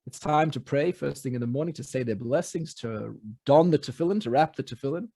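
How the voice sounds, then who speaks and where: A rabbi telling a traditional story in a relaxed, conversational way, with frequent fillers and restarts. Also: male voice, mid-range voice, a little fast, gravelly, dry recording. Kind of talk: oral storytelling.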